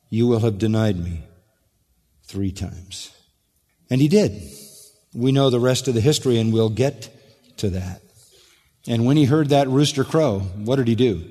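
A man preaching a sermon, emphatic, slowing down and dropping low and quiet on key words. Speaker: pastor. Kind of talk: expository sermon. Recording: long hall reverb.

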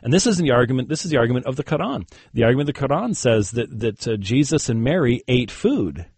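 A man's voice: mid-range voice, very animated, fast talker, a little mellow, slightly rough, no room sound. A man who is a guest on an interview, a Christian debater telling a story casually with many fillers and chuckled asides. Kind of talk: conversational interview.

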